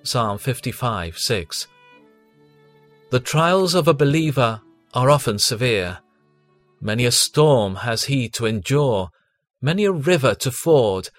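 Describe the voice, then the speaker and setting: A man reading a devotional sermon aloud in a solemn, measured way, with long pauses between phrases. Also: medium pitch, no echo. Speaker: devotional reader.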